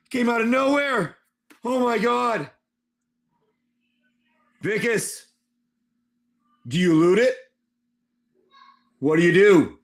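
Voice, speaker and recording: High-voiced excitable male game master. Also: takes it slowly, long pauses. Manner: animated, excitable storytelling. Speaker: live stream host and game master. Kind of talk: casual chat and tabletop game narration.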